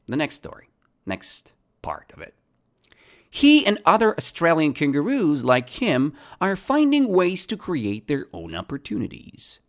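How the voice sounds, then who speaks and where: An English teacher giving a podcast lesson, asking simple questions and answering them, repeating key words. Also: mid-range voice.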